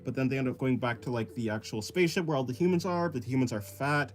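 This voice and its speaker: An art livestreamer with a mid-range voice speaks fast while he sketches. He reads out messages from chat and rambles self-deprecatingly, with frequent laughter.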